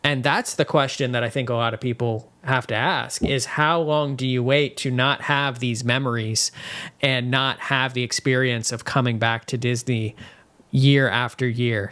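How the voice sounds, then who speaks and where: A man's voice: medium pitch, a bit bright, smooth. Emphatic man co-hosting a chat show. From West Virginia. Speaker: podcast co-host. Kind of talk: casual chat.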